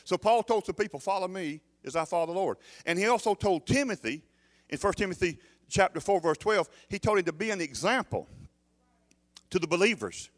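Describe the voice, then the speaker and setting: A man's voice: high-pitched, expressive, a little fast. Emphatic preacher man. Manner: emphatic preaching, questioning the congregation, repeats words. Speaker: pastor. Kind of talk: sermon.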